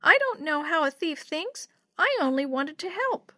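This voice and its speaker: A woman's voice: high-pitched, sing-song, a little slow, sharp tone, dry recording, clean studio sound, pitched above the performer's own voice, exaggerated voice. A woman voicing a small, sad little girl who asks plaintive, pleading questions.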